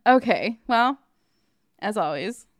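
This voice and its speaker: Giggly woman co-host, relaxed pace. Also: mid-range voice, slow pace, no echo, clean studio sound. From California. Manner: giggly, crude joking. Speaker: podcast co-host. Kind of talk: casual chat.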